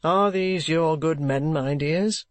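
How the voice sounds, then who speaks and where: A man's voice: fairly high pitch, takes it slowly, no room sound. A man voicing a stern, probing detective in an audiobook reading.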